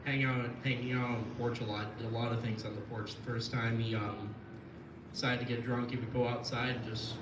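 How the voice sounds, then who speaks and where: A man's voice: mid-range voice, little pitch movement, fairly quick. Rambling, profane young man doing stand-up. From Florida. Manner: rambling, profane, loses his train of thought. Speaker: stand-up comedian. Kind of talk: live stand-up set. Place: live comedy venue. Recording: echoey room, mic at a distance, noisy.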